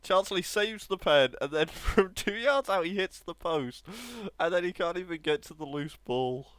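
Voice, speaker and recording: A young man commentating on his own football video game match, laughing often and excitable. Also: high voice, moderate pace, clean tone, no echo. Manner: giggly, excitable, laughs between lines. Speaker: gaming streamer.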